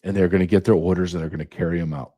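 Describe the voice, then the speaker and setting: A man's voice: low-pitched, steady tone, rapid-fire, dark tone, husky. A middle-aged American man hosting his own show, ranting with sarcasm and piling up rhetorical questions. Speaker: podcast host. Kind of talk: ranting monologue.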